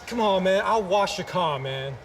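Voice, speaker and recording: A man's voice: high-pitched, animated, moderate pace, fairly bright tone. An actor playing a brash, boastful young man who talks in slang and keeps saying "man", in a comedy film scene. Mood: bragging. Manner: slangy, swaggering, says "man" a lot.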